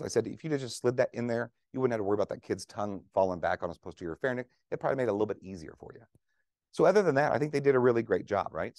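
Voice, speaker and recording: Fast, chatty male nurse lecturer. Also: medium pitch, darkish tone, no echo, studio quality. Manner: conversational, jokey, asks audience questions. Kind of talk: conference lecture to clinicians.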